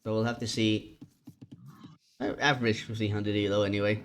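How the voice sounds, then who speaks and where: A man's voice: fairly low pitch, brisk, slight background noise. Tired man casting a strategy game. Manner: relaxed, chatty, yawning. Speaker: esports caster. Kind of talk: solo game commentary.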